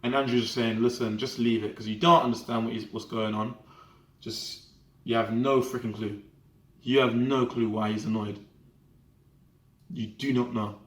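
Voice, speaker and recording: A young man telling a story in an animated, slangy way, often checking that the listener follows him. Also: mid-range voice, normal speed, long pauses, roomy sound. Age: young adult. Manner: animated slangy storytelling, often asking the viewer "do you get what I'm trying to say". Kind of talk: casual storytime vlog.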